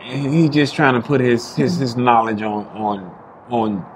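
A man in casual conversation, talking in a relaxed way and often repeating words as he goes. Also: medium pitch, unhurried, slight background noise, low-quality recording. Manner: relaxed, repeats words, many "yeah"s and "mm-hmm"s. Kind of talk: casual chat.

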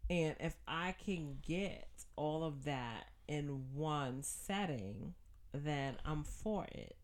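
A woman's voice: low voice, animated, takes it slowly. A woman in a casual podcast chat, blunt and teasing, with emphatic points.

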